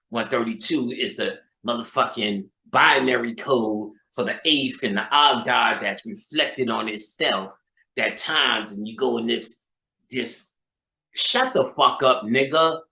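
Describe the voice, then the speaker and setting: Male lecturer, mid-pitched, emphatic and profane, echoey room. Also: sharp tone. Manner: emphatic, swearing, street-talking, rhetorical repeats. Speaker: occult lecturer. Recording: roomy echo.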